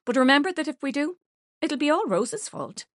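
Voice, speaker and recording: A woman's voice: high-pitched, very animated, normal speed, dry recording, studio quality, voice pushed up. A woman playing a wry, bickering young woman. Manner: wry and sarcastic.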